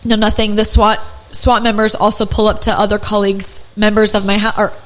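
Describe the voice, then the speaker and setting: A woman's voice: medium pitch, brisk, low-quality recording. A young woman hosting a podcast, telling a story in casual chat with lots of filler "like"s. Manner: animated storytelling with frequent "like" fillers. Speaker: podcast host.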